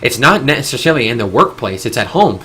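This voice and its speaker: A man's voice: medium pitch, big pitch swings, fast, bright, forceful tone, slight background noise. A man hosting a live stream, talking in an opinionated, rambling way with frequent restarts and casual swearing.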